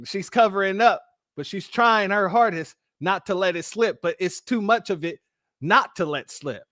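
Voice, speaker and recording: A Californian-accented man hosts a casual live stream with a high voice. He tells stories in an animated way and laughs often. The sound is dry and close. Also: normal speed, dry recording.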